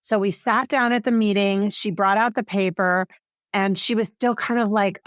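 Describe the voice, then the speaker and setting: A woman's voice: mid-range voice, fairly even intonation, moderate pace, no room sound, clean studio sound. A woman guest on an interview podcast, an education advocate who tells stories animatedly and acts out the voices of the people she quotes. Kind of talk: interview storytelling.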